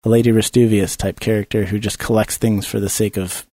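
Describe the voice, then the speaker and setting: A man's voice: lowish voice, little pitch movement, brisk, mellow, no room sound. Dry-sounding playful man at a game table. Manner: playful, joking, stubborn in-character bargaining. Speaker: player. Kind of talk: casual tabletop role-play chat.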